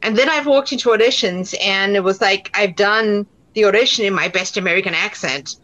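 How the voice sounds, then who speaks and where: A woman's voice: mid-range voice, a little fast, fairly bright tone, muffled recording. A woman with a South African accent, an actor telling stories in an interview, chatty with many fillers and restarts. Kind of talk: casual interview answers.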